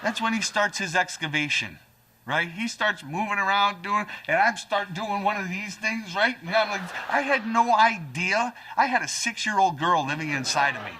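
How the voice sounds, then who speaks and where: A man in his forties doing a stand-up routine, animated, jumping to high voices to act out his stories. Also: moderate pace. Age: 40s. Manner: animated, jumps to high voices for acted-out lines. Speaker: stand-up comedian.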